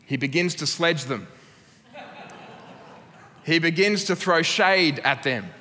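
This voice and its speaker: An Australian pastor preaches earnestly, slipping in dry humour. His voice sits fairly high for a man and carries a long church-hall reverb. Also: animated, slow, bright, forceful tone. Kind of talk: sermon.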